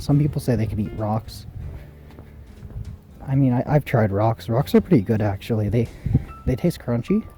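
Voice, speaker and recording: A man's voice: fairly low pitch, rough recording. A man walking outdoors and rambling through a silly, meandering improvised monologue as a special guest. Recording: loud music playing over the voice.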